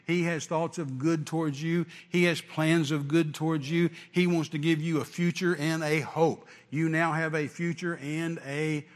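High-voiced preacher in a reverberant hall. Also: male voice, moderate pace, few pauses. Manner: animated, shouting at peaks. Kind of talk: sermon.

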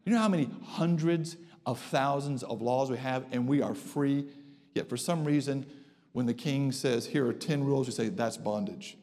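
A man preaching a sermon to a congregation, emphatic, slowing down and rising in pitch to drive home his points. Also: darkish tone. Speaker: pastor. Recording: long reverb of a church hall.

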